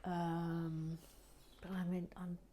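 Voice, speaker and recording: A woman's voice: lowish voice, little pitch movement, very slow, warm tone, slight background noise. A woman hosting a vlog, chatting casually while building with bricks and often dropping into whispered asides. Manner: muttering with frequent whispered asides. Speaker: vlog host.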